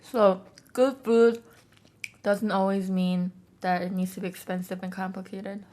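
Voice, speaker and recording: Woman vlogger, casual eating chat, chatty storyteller with lots of fillers, medium pitch. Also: little pitch movement, measured pace, warm tone. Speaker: mukbang vlogger.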